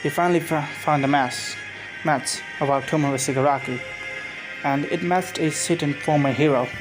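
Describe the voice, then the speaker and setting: A man's voice: fairly high pitch, fairly even intonation, normal speed, poor audio. A man casually reading aloud his own fan-made story, rambling with frequent restarts and self-corrections. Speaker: fan fiction narrator. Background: music.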